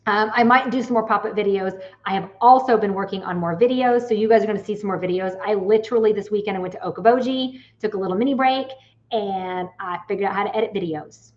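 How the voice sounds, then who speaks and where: Woman, late 40s, psychic medium host; casual, animated storyteller who swears; dull lo-fi audio. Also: mid-range voice, quick pace. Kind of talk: casual chat to viewers.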